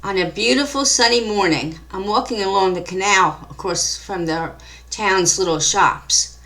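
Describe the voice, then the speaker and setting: A woman reading her own mystery story aloud in a calm, measured storytelling manner. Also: medium pitch. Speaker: author and narrator. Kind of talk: scripted story narration.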